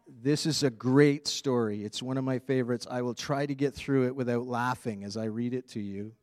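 A man preaching a sermon as a pastor, in a relaxed, conversational way. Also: mid-range voice, normal speed, no room sound, studio quality.

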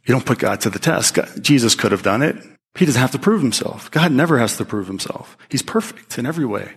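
Speaking fast in a husky, mid-pitched voice typical for a man, a pastor gives his congregation a lively sermon. He stresses points with animation and often starts his phrases over.

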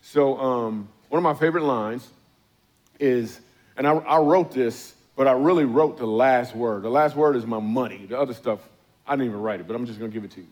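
A man's voice: mid-range voice, animated, fairly quick, darkish tone. A middle-aged man doing stand-up comedy at a church service, telling stories conversationally and acting out his own and others' lines. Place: church auditorium on stage.

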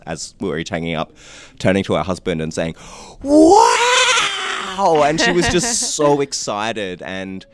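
A man's voice: low-pitched, clean tone. A man co-hosting a podcast, telling reflective, hesitant stories about campaigning. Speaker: podcast co-host. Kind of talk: casual political chat.

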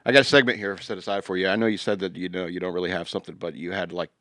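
A man's voice: low-pitched, fairly even intonation, racing, a bit bright, no room sound, clean studio sound. A man co-hosting a podcast in casual banter, rambling and joking, often trailing off and restarting. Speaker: podcast co-host.

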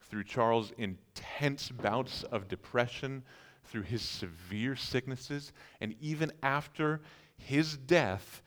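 A man's voice: medium pitch, slow, fairly bright tone. A man preaching a sermon, telling vivid stories and acting out incredulous reactions. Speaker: pastor.

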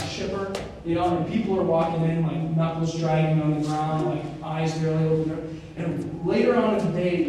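Young man talking in a very echoey hall. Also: on the high side. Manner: animated storytelling with many fillers. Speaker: speaker on Christian formation. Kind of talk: casual talk. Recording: very echoey hall, mic far off, faint noise.

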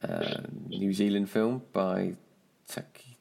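A man's voice: low voice, brisk, creaky, a little mellow. A man co-hosting a casual film review chat, rambling and searching for words, with frequent laughs. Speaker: podcast co-host.

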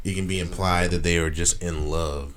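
Very deep-voiced man in casual banter. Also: fairly even intonation, normal speed, fairly bright tone. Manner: loose, profane, joking banter. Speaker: podcast co-host. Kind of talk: casual chat.

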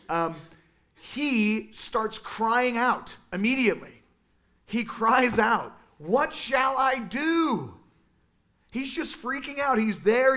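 A man teaching a Sunday school class in a casual, animated way, with lots of fillers. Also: sits high. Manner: animated, conversational, many fillers. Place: church classroom.

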